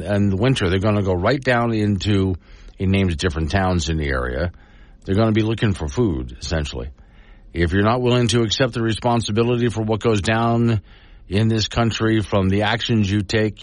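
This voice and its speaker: A man's voice: on the low side, no room sound. A man hosting a talk show, giving folksy, argumentative commentary and reading news quotes aloud. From Wyoming. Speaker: talk radio host. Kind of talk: opinionated talk radio commentary.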